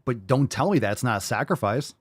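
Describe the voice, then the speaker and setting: A man's voice: lively intonation, brisk, slightly rough, dry recording, studio quality. Blunt, swearing male podcast host. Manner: blunt and profane, with sudden jumps in pitch. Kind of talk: ranting podcast monologue.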